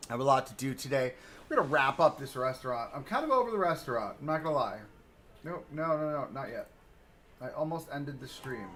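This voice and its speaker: A man's voice: mid-range voice, expressive, a little fast, pushed and bright, slight background noise. A man chatting casually on a live stream as he builds in a game, laid-back and rambling, with a cough that comes and goes. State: coughing now and then. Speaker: livestreamer.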